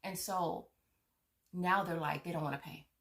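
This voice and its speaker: A woman's voice: on the low side, steady tone, moderate pace, gravelly, fairly bright tone. A woman vlogger furiously ranting to her viewers, swearing, stammering and repeating herself. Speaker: vlogger on money-saving apps. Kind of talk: angry rant to viewers.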